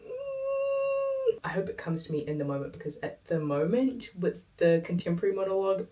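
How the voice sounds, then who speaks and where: A woman in her twenties vlogging casually to camera, chatty and rambling, her voice hoarse and sore. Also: on the low side, fast talker, mellow, slight background noise. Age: 20s. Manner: chatty, rambling, self-talk. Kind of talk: casual vlog chat.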